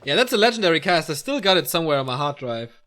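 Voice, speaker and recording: A male esports caster talking solo over a match. His voice sits a little high and swings up and down a lot as he calls the play. He chats and tosses in joking asides between the action. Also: big pitch swings, fast, fairly bright tone. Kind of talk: solo play-by-play game commentary.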